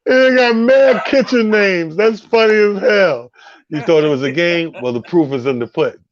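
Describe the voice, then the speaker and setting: Male host, casual hype man, slightly high voice, muffled lo-fi audio. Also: normal speed. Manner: hypes up the guest, laughs easily. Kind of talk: casual chat. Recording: dull lo-fi audio.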